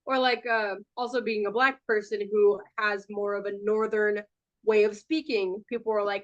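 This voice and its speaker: A woman's voice: mid-range voice, little pitch movement, normal speed. A woman speaking up as a student in a class discussion, talking candidly and conversationally about her own experience. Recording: dull lo-fi sound.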